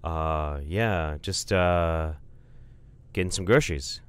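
A nervous young man, new in town and unsure of himself, as a storyteller plays him, speaking in halting, quiet bits. The voice is low and smooth. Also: lively intonation, no echo, exaggerated voice. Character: nervous newcomer man, wary and hesitant.

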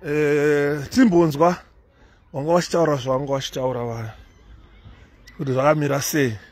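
Husky Zimbabwean man chatting on a walk. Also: a little high, steady tone, normal speed. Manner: rambling, conversational, chatty asides to viewers. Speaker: vlogger. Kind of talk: casual walking commentary. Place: outdoor city park. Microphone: handheld phone.

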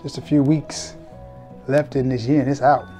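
A man's voice: medium pitch, level tone, moderate pace, mellow, faint music behind. A man hosting a casual fragrance review vlog, talking straight to viewers in a laid-back, joking, colloquial way.

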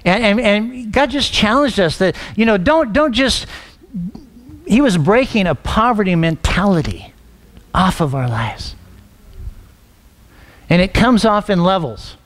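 A man's voice: sits high, lively intonation, unhurried, long pauses. A middle-aged man preaching a sermon as a pastor, telling a personal story with acted-out dialogue and frequent restarts. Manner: storytelling, acts out quoted dialogue; frequent restarts and repeated words.

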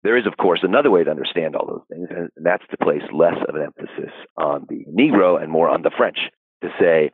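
A man explaining history in an interview, thoughtful and unhurried, with frequent fillers. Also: extremely low pitch, slightly rough, no echo. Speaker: historian guest. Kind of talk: academic interview answers. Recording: dry, phone-like audio.

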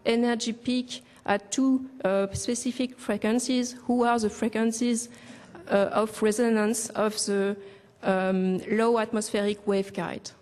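A woman's voice: on the high side, steady tone, measured pace, darkish tone, long reverb tail. A woman giving a scientific conference talk, hesitant, with many fillers and restarts. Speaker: conference presenter. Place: large conference room.

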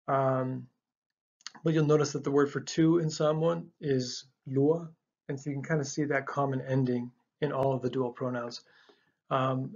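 A man's voice: medium pitch, darkish tone. Man teaching a language lesson, slightly muffled. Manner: patient, explains step by step with many ums and restarts. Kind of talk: casual slide-based lesson narration.

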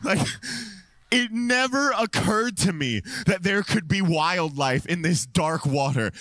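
An American man, a pastor, preaching a sermon into a stage microphone in a church, telling a personal story with lively acted-out quotes and frequent laughter. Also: sits high, measured pace, no echo. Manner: animated storytelling, acts out quotes, laughs often.

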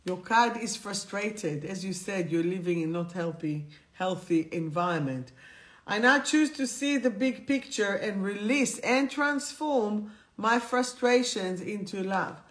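A woman's voice: mid-range voice, animated, a little slow. A woman hosting a live stream, reading affirmation cards to viewers and repeating them, often laughing.

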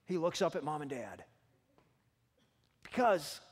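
A male pastor preaching a sermon, telling lively, humorous stories from his own life. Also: a little high, unhurried. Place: church sanctuary. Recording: long hall reverb in a church.

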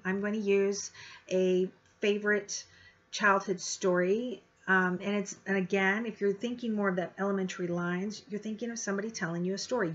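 A woman's voice: medium pitch, fairly bright tone. Woman teacher explaining stuff casually, lots of ums, mid voice, bit dull audio. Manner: chatty, many fillers and restarts. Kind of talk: informal lecture.

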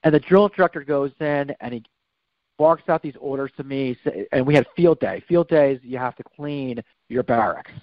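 A man's voice: medium pitch, moderate pace, no room sound. A man as a podcast guest, telling a personal story in a rambling way and often correcting himself. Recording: slightly dull, dry recording.

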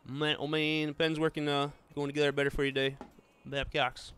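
A man's voice: a little high, flat delivery, brisk, a bit bright, soft background music. A man streaming a racing game, chatting casually with viewers and friends and calling them "man" and "buddy". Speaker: gaming streamer. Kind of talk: casual gameplay chat.

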